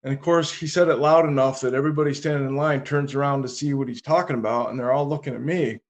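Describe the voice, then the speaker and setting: A man as a podcast guest, telling anecdotes in a relaxed conversation with dry comic timing. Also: medium pitch, fast. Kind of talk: casual interview storytelling.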